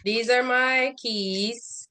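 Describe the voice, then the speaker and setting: A woman co-hosting a podcast in casual chat, jokey and quick to tease. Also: a little high, fairly even intonation, bright, forceful tone. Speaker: podcast co-host.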